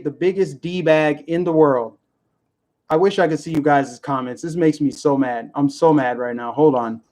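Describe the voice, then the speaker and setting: Indignant man ranting on a livestream. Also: fairly high pitch. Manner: heated, indignant, repetitive. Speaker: livestream vlogger. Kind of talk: angry political livestream rant.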